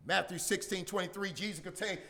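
A man preaching a sermon to a congregation, asking rhetorical questions and building up to shouts. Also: high voice, brisk. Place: church.

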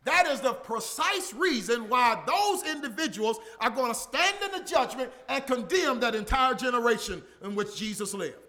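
A man preaching a sermon, emphatic and repetitive, swinging from shouted lines to quiet murmurs. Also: very high-pitched, sing-song, moderate pace, few pauses.

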